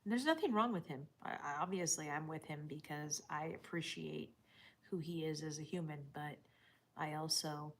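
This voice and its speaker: Lowish-voiced woman chatting to her stream. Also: moderate pace, a little hiss or hum. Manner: chatty, drops to whispers and laughs. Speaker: livestreamer reading chat. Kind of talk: casual chat with live viewers.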